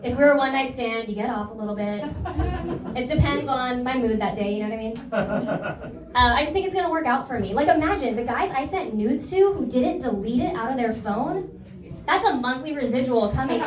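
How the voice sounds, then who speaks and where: High-voiced woman doing stand-up. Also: brisk. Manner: deadpan self-deprecating delivery. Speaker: stand-up comedian. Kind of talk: stand-up comedy set. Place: comedy club stage. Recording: echoey club, mic at a distance, loud crowd laughter. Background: audience laughter.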